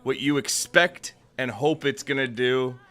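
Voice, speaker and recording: A man's voice: mid-range voice, measured pace, fairly bright tone. A man hosting a music feedback show, easygoing and casual, introducing songs and giving mix notes. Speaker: show host. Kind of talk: casual panel talk.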